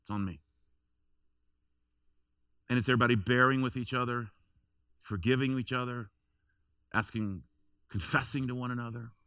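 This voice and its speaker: A man's voice: mid-range voice, fairly even intonation, moderate pace, pauses often, pushed and bright, clear, resonant tone, no echo, studio quality. A man preaching a sermon in a church, telling a personal story in a conversational way with emphatic repetition. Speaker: pastor.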